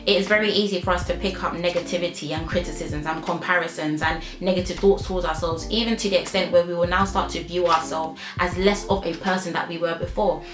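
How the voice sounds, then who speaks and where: A woman's voice: fairly low pitch, fairly even intonation, fast, hardly any pauses. A young woman, talking to camera in an emotional vlog, heartfelt and emphatic, often laughing through tears. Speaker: YouTuber. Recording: echoey room with faint music.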